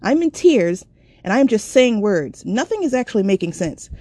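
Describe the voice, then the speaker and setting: A woman's voice: mid-range voice, sing-song, normal speed, dark tone, dry recording. A woman telling a personal story in a raw, candid and profane way.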